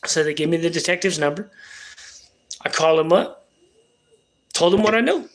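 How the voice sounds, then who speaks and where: A man's voice: on the high side, normal speed. A man telling a personal story on a livestream in a casual, slangy, profane way. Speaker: livestream host.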